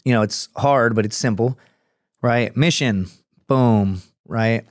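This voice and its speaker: A man's voice: mid-range voice, takes it slowly, dry recording. A man who served in the Marines tells a rambling story to a podcast host, talking casually and swearing a lot, on a close studio mic. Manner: profane, rambling, animated storyteller. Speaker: podcast guest, Marine veteran.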